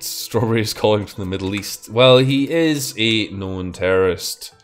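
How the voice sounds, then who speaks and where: A man's voice: on the low side, moderate pace, faint music behind. A young man hosting a game stream, chatting and teasing a guest in a casual, joking way. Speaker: streamer host. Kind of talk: casual gameplay chat.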